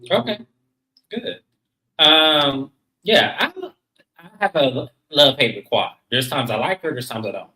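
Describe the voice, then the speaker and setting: Brief: lively recap co-host, bright voice, roomy room sound. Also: mid-range voice, measured pace, pauses often. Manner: animated storyteller who acts out the quotes. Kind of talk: casual TV recap chat.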